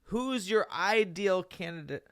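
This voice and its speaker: A man's voice: sits high, lively intonation, measured pace, fairly bright tone, clean tone, no echo. A man co-hosting a podcast in a studio, bantering and teasing with casual swearing. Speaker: co-host.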